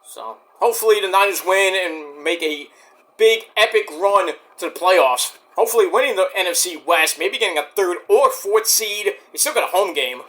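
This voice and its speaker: A man talking loosely to camera as he reviews the shows, narrating the action and trailing off into asides and curses. His voice has a bright, forward edge, and his delivery is unscripted and chatty. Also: sits high, lively intonation, moderate pace. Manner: rambling, profane, talks to himself about the action. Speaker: show reviewer. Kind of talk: casual running commentary while watching.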